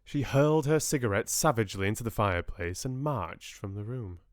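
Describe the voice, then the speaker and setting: A man reading a novel aloud for his livestream book club, slowly and expressively. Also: lowish voice, dry recording, studio quality. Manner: slow, expressive, lively. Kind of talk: audiobook-style reading.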